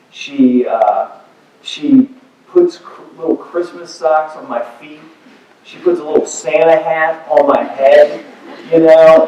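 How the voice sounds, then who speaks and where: A man's voice: fairly high pitch, darkish tone. A man giving a personal motivational talk about his book. He talks conversationally, with many "you know"s and wry, self-deprecating asides. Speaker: author and speaker. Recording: echoey hall, distant dull mic.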